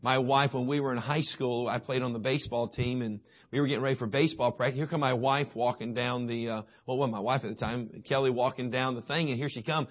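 A middle-aged man preaching a sermon in folksy storytelling, swinging from booming to hushed. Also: fairly even intonation, fast talker, few pauses.

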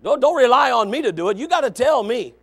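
Male pastor, middle-aged, high-voiced; revival sermon, repetitive cadence, low asides into shouts. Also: sing-song, fast talker, husky. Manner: swings from low conversational asides to shouted exhortation; repetitive, emphatic preaching cadence.

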